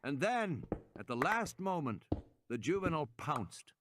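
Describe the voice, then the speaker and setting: A man reading a novel aloud with animated storytelling. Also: on the high side, unhurried, background noise. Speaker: reader. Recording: loud game gunfire behind.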